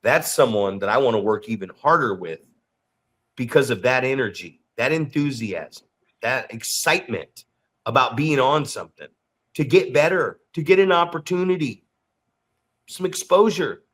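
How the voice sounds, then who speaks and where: A man co-hosting a podcast and coaching wrestlers, telling stories in an animated way, repeating words and swearing freely. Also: mid-range voice, normal speed. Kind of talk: casual podcast chat.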